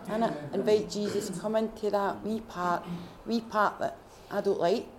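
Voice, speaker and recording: A Scottish woman at a faith retreat, sharing her personal testimony in a heartfelt, halting way with many restarts. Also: medium pitch, fairly even intonation, crowd noise. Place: retreat gathering room.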